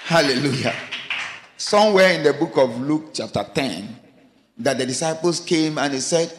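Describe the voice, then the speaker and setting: A man preaching a sermon, emphatic, asking the congregation rhetorical questions and swinging between raised lines and low quiet asides. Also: very animated, moderate pace. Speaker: pastor. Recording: long hall reverb.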